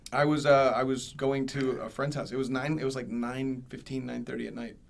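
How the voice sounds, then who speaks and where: A man hosting a podcast who tells a personal story in casual chat and gets loud when he acts out other people. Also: medium pitch, flat delivery, measured pace, creaky. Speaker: podcast host.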